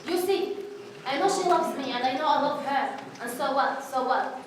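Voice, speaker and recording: A woman's voice: sits high, normal speed, lightly acted. An actress playing a hurt daughter who reflects earnestly on her mother, repeating herself, in a stage monologue. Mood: bitter. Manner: searching, repeating lines, earnest. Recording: echoey hall, mic far off, noisy.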